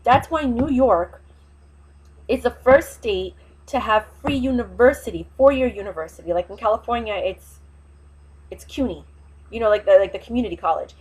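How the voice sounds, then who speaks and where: A woman's voice: fairly high pitch, animated, moderate pace, slightly rough, rough recording. A woman vlogger, talking in an impassioned, rambling casual monologue with emphatic, fiery opinions.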